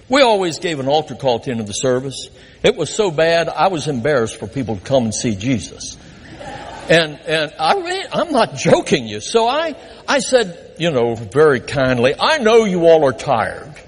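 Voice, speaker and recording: A man's voice: on the high side, slightly rough. An older man, a pastor, preaching and telling self-mocking stories from his early ministry. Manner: animated, self-mocking storyteller. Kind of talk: sermon with personal stories. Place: church sanctuary. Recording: long reverb of a church hall.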